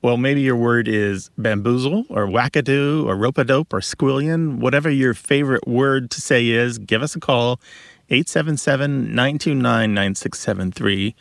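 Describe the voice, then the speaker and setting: A man co-hosting a studio radio show about words. His voice has a gravelly edge and a dry, close sound. He explains briskly and knowledgeably. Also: mid-range voice, no echo. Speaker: radio co-host, word expert.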